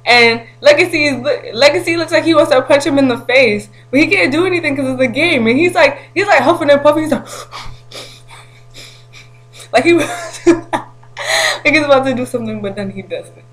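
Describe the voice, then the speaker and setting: A woman vlogging to camera, telling a story in an animated, slangy way with frequent laughter. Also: high voice, moderate pace, long pauses, low-quality recording.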